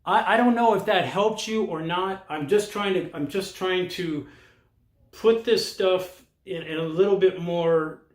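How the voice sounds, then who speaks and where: Older male vlogger, blunt and confrontational, slightly high voice, echoey room. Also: measured pace. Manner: blunt, challenging, talks straight at the viewer. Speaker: vlogger giving expat advice. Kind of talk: casual monologue to camera. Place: lives in Costa Rica. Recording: roomy echo.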